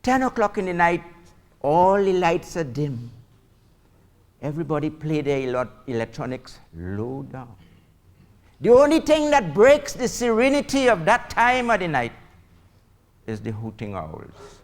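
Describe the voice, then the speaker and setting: A man's voice: a little high, very animated, unhurried, long pauses. A man with a Trinidadian accent doing stand-up storytelling, chatty and teasing, laughing at his own jokes. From Trinidad and Tobago. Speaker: comedian. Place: school auditorium stage.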